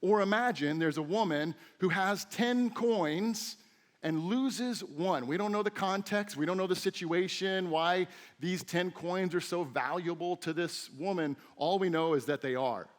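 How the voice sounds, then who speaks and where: A middle-aged man preaching a sermon as a teaching pastor, telling stories with lively, acted-out quotes. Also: high voice, a little slow. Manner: animated storytelling with acted-out quotes. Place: church sanctuary.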